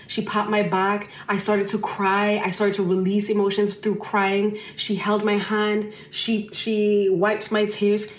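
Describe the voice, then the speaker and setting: A woman's voice: mid-range voice, echoey room. A woman hosting a podcast, telling a personal story emphatically and repeating phrases for effect. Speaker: podcast host.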